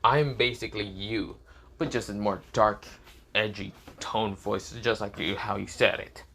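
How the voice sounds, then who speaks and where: Brief: man playing a sullen, menacing dark double of the hero, low and scornful. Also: fairly even intonation, measured pace, gravelly, slight background noise, full character voice.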